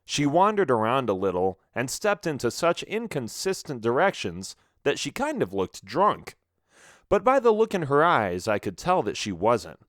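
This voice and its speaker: Male storyteller for a children's audiobook, expressive, dry close sound. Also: medium pitch, moderate pace, dry recording. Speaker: audiobook narrator.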